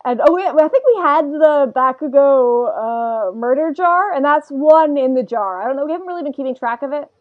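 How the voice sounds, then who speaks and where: High-voiced, rambling woman podcaster. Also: normal speed, hardly any pauses, narrow, tinny audio. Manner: rambling and animated, laughs a lot, puts on voices to quote characters. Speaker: podcast co-host. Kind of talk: casual chat reviewing an anime episode.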